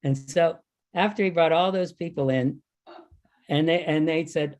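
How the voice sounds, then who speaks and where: A man's voice: fairly high pitch, unhurried, a little mellow. An older man telling a story at a reunion gathering, animating the exchanges he recalls. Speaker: devotee recalling service. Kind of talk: anecdotal talk at a reunion.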